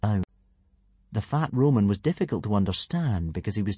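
A man narrating a children's adventure story in a playful, lively manner. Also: fairly low pitch, normal speed, slightly rough, no room sound. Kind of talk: audiobook narration.

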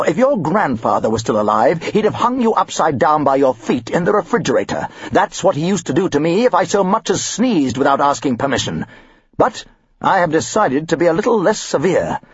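A pompous, angry father blusters through his complaints, as a man reading an audiobook puts him on. His voice is raised and lively, with a husky edge. The audio is dry and a little dull. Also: fairly high pitch, moderate pace, no echo, voice pushed up. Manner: blustering, moaning.

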